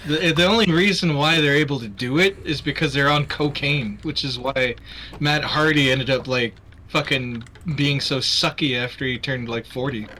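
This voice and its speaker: A man's voice: mid-range voice, moderate pace, sharp tone, a little hiss or hum. A man hosting a charity stream, chatting casually while gaming, rambling and swearing as he gets heated about wrestling.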